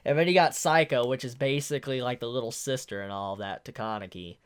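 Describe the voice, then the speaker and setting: A man reviewing a manga chapter in a casual, excitable way, gushing as he reacts with lots of "yo" and "like". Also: medium pitch, a little fast, clean tone.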